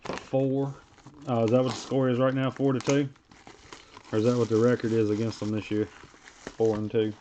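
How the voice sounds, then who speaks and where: A man's voice: medium pitch, little pitch movement, moderate pace, pauses often, noisy background. Man chatting while opening cards. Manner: rambling, reads card names aloud between stories. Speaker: card break host. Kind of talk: casual live-stream chat while opening card packs. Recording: dull lo-fi stream audio.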